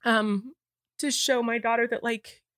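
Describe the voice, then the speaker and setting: Teary, animated woman co-hosting a podcast. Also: medium pitch, no room sound, clean studio sound. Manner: rapid, animated talk broken by laughs. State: tearful and emotional. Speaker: podcast co-host. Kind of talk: casual chat.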